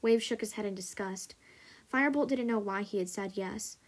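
Woman, podcast host, reads a story aloud, steady even narration. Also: medium pitch, normal speed.

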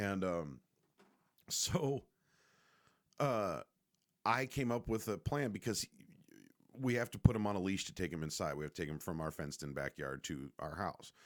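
A man's voice: extremely low pitch, lively intonation, normal speed. A man casually telling a rambling, profane, joking story to the camera.

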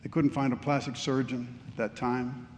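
A man preaching a sermon, telling a story dramatically and swinging between hushed and fervent delivery. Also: mid-range voice, little pitch movement, normal speed, slight background noise. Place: church sanctuary. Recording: long reverb of a large church.

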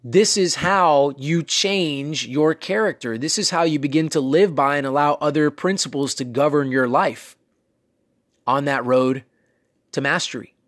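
A man's voice: on the high side, measured pace, a bit bright, dry recording, studio quality. A man hosting a casual motivational talk, coaching listeners in a conversational way with many fillers and asides. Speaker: self-improvement podcast host.

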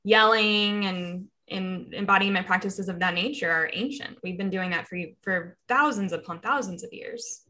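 A woman with a bright, forward voice in a casual conversation. She affirms what she hears and answers with open enthusiasm. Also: medium pitch, normal speed, few pauses. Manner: warm, affirming listener, enthusiastic.

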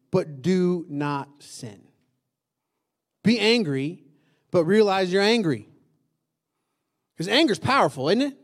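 A pastor with a voice that sits high preaches to his congregation conversationally. He often poses questions to the room and repeats key lines for emphasis.

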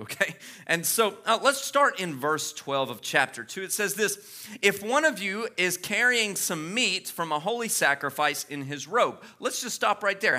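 A man in his thirties preaching from the pulpit in a bright, high-pitched voice with a piercing edge to it. He keeps it animated and playful, tossing in jokes and quick asides as he goes. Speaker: pastor. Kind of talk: sermon.

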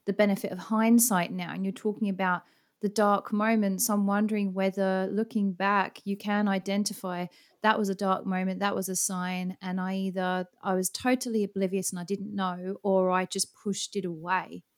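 A woman's voice: medium pitch, flat delivery, moderate pace. A woman hosting a podcast, asking thoughtful, probing questions. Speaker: podcast host. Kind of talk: podcast interview.

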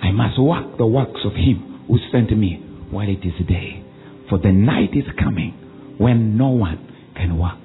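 A man preaching a sermon, commanding his listeners to repeat after him and swinging between loud calls and low drawn-out lines. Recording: tinny phone-like recording with faint music.

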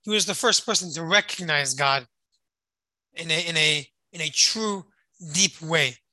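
Very bright, dry-voiced storyteller. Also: mid-range voice, a little slow, no echo, poor audio. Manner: rambling, repeats phrases, explains Hebrew terms. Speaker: Torah study leader. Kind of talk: casual storytelling to a group on a call. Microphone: call or online meeting.

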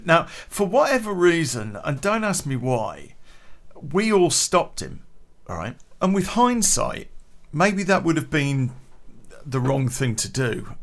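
A man telling a casual anecdote, chatty, swearing freely and laughing at his own story. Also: a little high.

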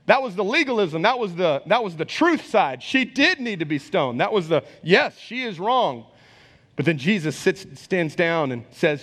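High-voiced pastor preaching in a reverberant hall. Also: male voice, normal speed. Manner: conversational, animated, acts out quoted voices. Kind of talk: sermon.

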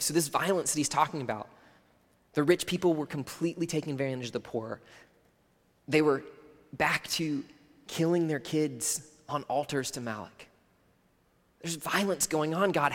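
A man preaching a sermon in an earnest, conversational way, sometimes dropping his voice very low. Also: normal speed, pauses often, in a large hall. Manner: earnest, conversational preaching, drops to near whisper at times. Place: church hall.

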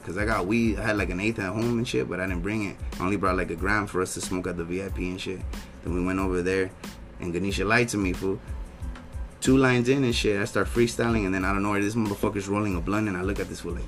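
A young man with a lowish voice spins loose, profane stories on a casual podcast. Music plays clearly underneath him. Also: steady tone, fast talker. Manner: loose slangy rambling, heavy swearing. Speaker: podcast co-host. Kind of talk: casual storytelling chat.

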